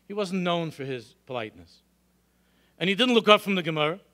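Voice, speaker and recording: A middle-aged male rabbi lectures a congregation in a synagogue hall, telling animated stories and posing rhetorical questions. His voice sits high and he speaks briskly.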